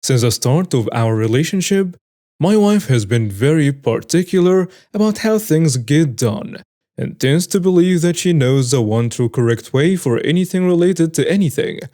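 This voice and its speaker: A man narrates stories from the internet in a mellow, rounded voice that is pitched a little high for a man. He reads them plainly and then adds wry, amused comments of his own. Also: expressive, moderate pace. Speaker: story narrator. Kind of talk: reading online stories aloud with commentary.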